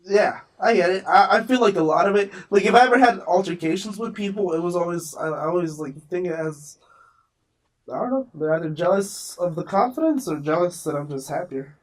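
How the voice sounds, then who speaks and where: A man's voice: high voice, brisk, recorded from a distance. A young man in casual podcast chat, joking, swearing and laughing easily. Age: young adult. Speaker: podcast co-host.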